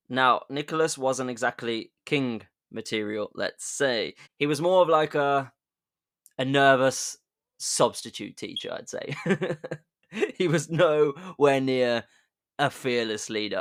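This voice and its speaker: A comedy podcast host, male, tells history in a loose, chatty way, tossing in jokey asides and sudden emphatic bursts. His voice sits at an ordinary middle pitch and sounds a bit bright.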